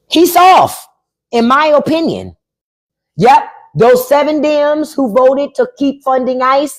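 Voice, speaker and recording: Blunt, lively-voiced woman livestreamer. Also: medium pitch. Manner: blunt, profane, repeats herself for emphasis; reads out chat and spells names. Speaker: podcast host. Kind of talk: casual live-stream chat.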